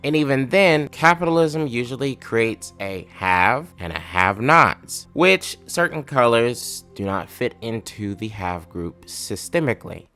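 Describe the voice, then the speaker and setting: A man's voice: medium pitch, animated, a little slow, few pauses, pushed and bright, faint music behind. A man hosting a comedic political video, ranting sarcastically and swearing freely. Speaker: video host.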